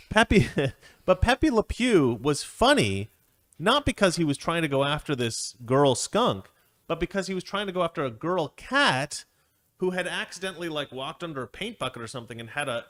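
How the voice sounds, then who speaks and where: A man's voice: fairly high pitch, sing-song, normal speed, a bit bright. A man hosting an opinion commentary segment, sarcastic and digressive, often breaking into laughter. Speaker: commentary host.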